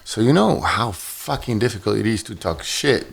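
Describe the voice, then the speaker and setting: A man's voice: lowish voice, expressive, normal speed, gravelly, a little hiss or hum. A man with an Argentine Spanish accent whose first language is Spanish, joking bluntly and laughing easily in casual podcast chat.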